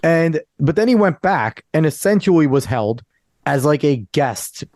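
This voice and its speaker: Northeast guy cohosting a podcast, voice jumps all over, kinda high, talks excitedly. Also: a little slow, dry recording, studio quality. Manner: animated, excitable storytelling, leans on "quite literally". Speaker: podcast co-host. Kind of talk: casual chat.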